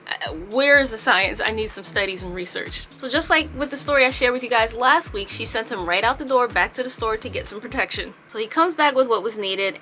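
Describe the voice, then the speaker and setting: A woman telling a storytime on her home vlog, chatty and animated. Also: on the high side. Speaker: vlogger.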